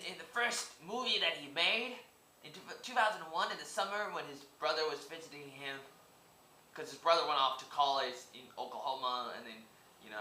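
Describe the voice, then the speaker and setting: A man's voice: fairly high pitch, pushed and bright, a little hiss or hum. A man in his twenties rambling casually to camera in a vlog, stammering and repeating words as he goes. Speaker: vlogger. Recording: roomy echoey room.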